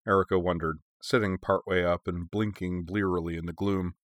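A man narrating a story in an even, measured reading. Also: deep voice, dry recording, studio quality. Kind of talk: audiobook narration.

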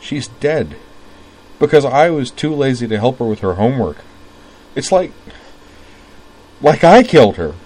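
A man's voice: mid-range voice, expressive, unhurried, long pauses, darkish tone, pitched above the performer's own voice, poor audio. A man voicing a guilt-stricken teenage boy. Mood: anguished. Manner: tearful, breaking into sobs.

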